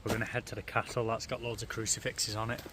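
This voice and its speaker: A man's voice: lowish voice, level tone, quick pace, pushed and bright, slight background noise. A man joking offhandedly with a friend outdoors in a forest, a little away from the mic. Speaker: friend on the trip. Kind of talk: casual chat.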